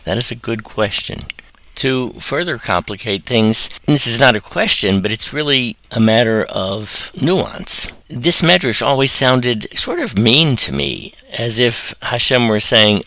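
A man teaching a Torah lecture in an animated way, acting out quotes and making puns. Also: medium pitch, measured pace, no echo, poor audio. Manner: animated, voices God and the earth in quotes, punning.

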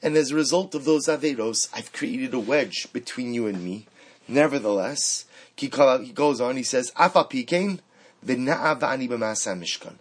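A man teaching a Torah lesson, mixing Hebrew quotes into animated rhetorical questions. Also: medium pitch, moderate pace, slightly rough, poor audio. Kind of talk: Torah class on the weekly portion.

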